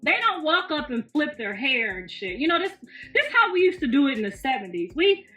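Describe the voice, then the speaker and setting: A woman's voice: sits high, very animated, fairly quick, pushed and bright. A woman in her fifties, hosting a casual livestream from home, talking bluntly with lots of profanity and laughter. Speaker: livestream host. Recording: roomy, distant, slightly muffled, faint music.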